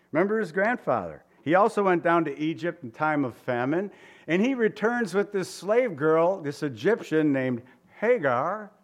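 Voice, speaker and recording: Man preaching a conversational sermon. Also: a little high. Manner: conversational preaching with rhetorical questions and voiced quotes. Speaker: pastor.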